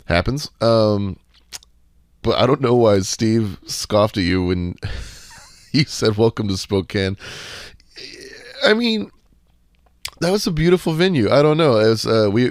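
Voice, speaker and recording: A low-voiced man hosts a casual Q&A podcast, recorded close and dry with no room sound. He talks in a laid-back, rambling way full of fillers and restarts. He drops sarcastic asides and swears casually. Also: no echo. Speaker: podcast host.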